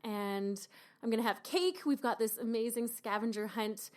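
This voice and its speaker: A woman author from Canada, talking in an animated, expressive way about her book in a radio interview. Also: on the high side, normal speed. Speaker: author guest.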